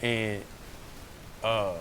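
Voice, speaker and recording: A man co-hosting a casual sports podcast, laughing often and tossing in quick cursing interjections. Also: fairly low pitch, little pitch movement, fairly bright tone, slight background noise. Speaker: podcast co-host.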